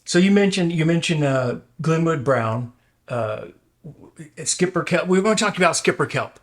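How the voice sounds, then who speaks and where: A man's voice: on the high side, expressive, moderate pace. A male interview host asking questions in a casual, loose way, with restarts and fillers.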